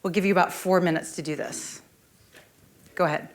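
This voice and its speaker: A woman presentation coach leading a conference workshop, lively and speaking straight to the audience. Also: on the low side, a little fast, a little hiss or hum. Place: conference room.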